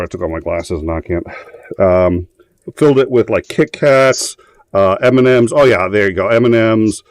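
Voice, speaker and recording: Male host, lowish voice, loose and profane, many ums, recorded dry and close. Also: dry recording. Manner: rambling, profane storytelling with frequent fillers. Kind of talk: casual live-show chat.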